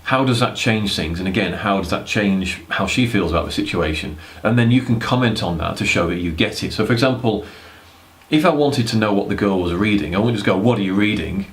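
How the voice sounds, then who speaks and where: A man's voice: on the low side, animated, a little fast. A young man giving casual dating advice to camera, rambling and blunt, with casual swearing. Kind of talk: casual talking-head advice.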